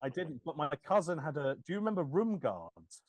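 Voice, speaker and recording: A man hosting a casual podcast chat, telling stories in an animated, jokey way. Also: a little high, brisk, dry recording. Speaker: podcast host.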